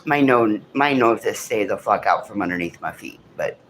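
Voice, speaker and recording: A man's voice: on the low side, lively intonation, moderate pace, fairly bright tone, a little hiss or hum. A man vlogging a casual morning chat at a farm house, talking bluntly to his animals and swearing freely.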